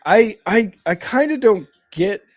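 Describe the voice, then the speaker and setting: A man chats casually through a live football watch-along. His voice sits a little high and sounds close-miked and dry. He rambles with fillers and corrects himself as he reacts to the plays. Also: lively intonation, a little slow, dry recording. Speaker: co-host of a game watch-along stream. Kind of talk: casual live sports chat and play-by-play reactions.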